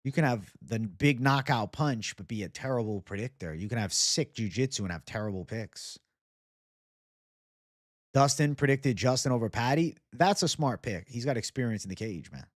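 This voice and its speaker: A man's voice: medium pitch, lively intonation, moderate pace, no echo, clean studio sound. Profane bro-talking male stream host. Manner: loose, profane, bro-talk. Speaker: livestream host. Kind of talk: casual livestream chat reading viewer comments.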